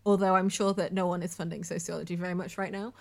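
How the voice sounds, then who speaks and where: A woman's voice: lowish voice, flat delivery, fast talker, creaky, a little mellow. A woman co-hosting a casual podcast chat, talking chattily and saying "like" often. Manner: chatty, heavy use of "like". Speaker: podcast co-host.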